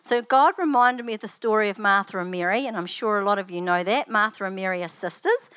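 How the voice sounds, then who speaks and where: An older woman gives a personal testimony in a church setting. Her voice sits at a middling pitch, and she talks in a chatty, anecdotal way, wandering into asides as she tells her stories. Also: fast, fairly bright tone, smooth, no echo. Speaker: church student giving a testimony.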